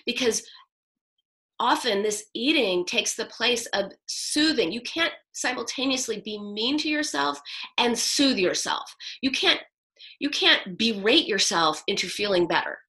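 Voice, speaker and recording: A woman's voice: fairly high pitch, lively intonation, unhurried, sharp tone, poor audio. A middle-aged woman psychoanalyst answering interview questions in an emphatic way, acting out quoted self-talk. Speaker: psychoanalyst guest.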